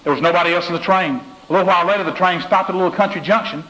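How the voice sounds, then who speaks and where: A man's voice: high-pitched, very fast, a bit bright, rough recording. A man giving a motivational speech, telling folksy stories and repeating his key phrases. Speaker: motivational speaker.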